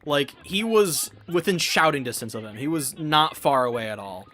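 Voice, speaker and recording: Young male gamer, bright raised voice, rambling and profane, faint music behind. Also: fairly high pitch, animated, moderate pace. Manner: rambling, swears a lot, many restarts and fillers. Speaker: gaming vlogger. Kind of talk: casual chat while gaming.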